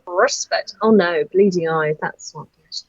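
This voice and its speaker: A woman co-hosting a casual film watch-along, reacting to the screen with quick exclamations. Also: on the low side, no echo, muffled recording. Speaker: podcast co-host.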